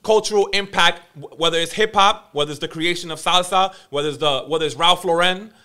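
A man chats casually on a podcast, his voice high and bright. He builds long lists, filling the gaps with "uh" and "um", in a relaxed guest tone. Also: brisk, smooth. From the Bronx, New York. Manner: talks in long lists, hesitant fillers.

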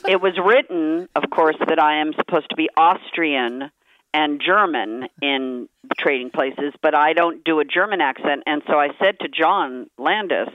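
A woman's voice: deep voice, a little slow, no echo, highs cut off. A woman guest on a phone interview, speaking frankly and emphatically as she tells stories. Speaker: guest actress.

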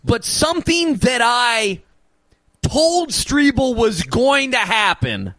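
A man hosting a sports radio show in a studio, talking in animated, preachy banter. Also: very high voice, takes it slowly, dry recording. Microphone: studio microphone.

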